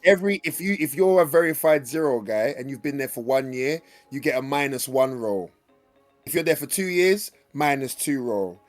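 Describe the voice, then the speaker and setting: A man in a casual voice chat, talking excitedly and swearing freely. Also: mid-range voice, normal speed, soft background music.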